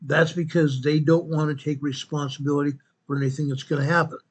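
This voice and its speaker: Male host with a somewhat high voice, walks through a map and reads each quake figure twice, corrects himself on the fly. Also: little pitch movement, a little fast, husky. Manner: corrects himself mid-sentence. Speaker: earthquake report host. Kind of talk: narrating a map-based earthquake update.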